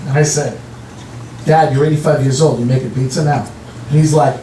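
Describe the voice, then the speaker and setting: High-voiced man doing stand-up. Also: brisk, dark tone, a little hiss or hum. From Long Island, New York. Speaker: stand-up comedian. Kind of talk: stand-up set. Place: comedy club stage. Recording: roomy club sound from a distance. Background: audience laughter.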